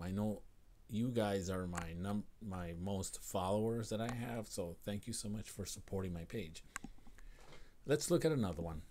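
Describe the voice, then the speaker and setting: An American man with a somewhat low voice hosts a live English lesson. He models each phrase slowly and clearly, repeating it for emphasis, and breaks off now and then to welcome viewers. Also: dark tone, a little hiss or hum. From United States. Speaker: English teacher.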